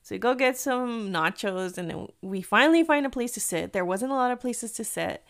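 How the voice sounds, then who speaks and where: A woman's voice: a little high, lively intonation, brisk, gravelly. A young adult woman telling a story to her viewers in a casual vlog. She is chatty, says "like" constantly, swears freely and laughs often as she talks. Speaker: vlogger.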